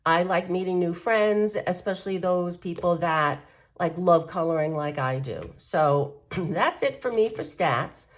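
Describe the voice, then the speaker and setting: A woman's voice: on the low side, lively intonation, measured pace. A woman with a nasal, congested voice from a cold, chatting casually to camera as the host of her coloring channel, rambling with ums and restarts. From United States.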